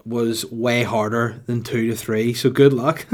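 A man's voice: medium pitch, steady tone, a little slow, hardly any pauses, darkish tone. A man in his thirties hosting a solo podcast, rambling crudely and jokingly with lots of swearing. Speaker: podcast host.

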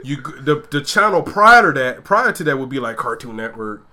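A man co-hosting a podcast in casual chat, telling stories in slangy, animated speech. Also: medium pitch, a little fast, crowd noise. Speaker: podcast co-host.

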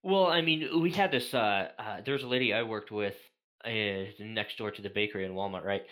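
A laid-back man co-hosting a podcast in casual chat. His voice is bright and forceful. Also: fairly low pitch, fairly quick.

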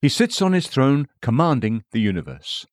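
A man in scripted narration of a devotional book, reading in a measured way and voicing scripture citations aloud. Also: medium pitch, big pitch swings, no room sound, clean studio sound. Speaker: audiobook reader.

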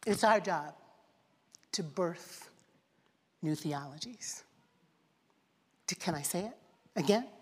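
A woman's voice: fairly low pitch, expressive, slow, pauses often, husky. A woman preacher delivering a sermon in rhythmic, repeated phrases, asking the congregation questions. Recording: long reverb of a large hall.

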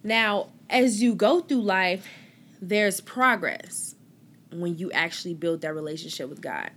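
A woman hosting a podcast, telling her faith story in a casual, animated way, acting out quoted conversations and moving between near-whispers and loud exclamations. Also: lowish voice, measured pace, slight background noise. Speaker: podcast host.

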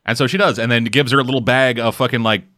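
A man co-hosting a podcast, telling a story in casual, profane, animated chat. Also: mid-range voice, fast talker. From Canada. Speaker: podcast co-host.

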